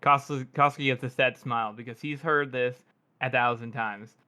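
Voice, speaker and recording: Bright-voiced man analyzing a book. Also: mid-range voice, fairly even intonation, normal speed. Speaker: podcast co-host. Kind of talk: casual book discussion.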